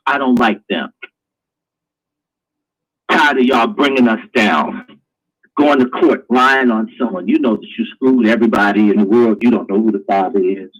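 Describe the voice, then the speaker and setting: A man's voice: fairly low pitch, normal speed, pauses often, dull audio. A man hosting a live online talk show, ranting in a crude, preachy way. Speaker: host.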